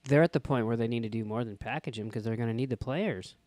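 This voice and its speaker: A man co-hosting a podcast, chatting casually about football, profane and joking in quick back-and-forth. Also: medium pitch, darkish tone, dry recording. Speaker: podcast co-host. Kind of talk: casual sports chat.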